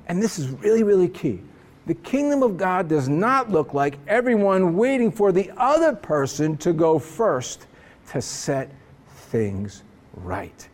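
A man preaching a sermon as pastor, earnest and emphatic, slowing down for dramatic pauses. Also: sits high, a little mellow.

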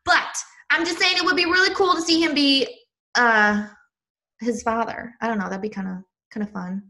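Talking at a normal speed with a steady tone, this Midwestern-accented woman is a podcast co-host gushing about a TV show in a casual chat. Her fairly high voice sounds pushed and bright, and she frequently leaves thoughts unfinished.

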